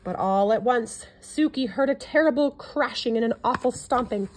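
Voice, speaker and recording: A woman reading a classic children's picture book aloud in an expressive storytelling manner. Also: a little high, normal speed, slight background noise.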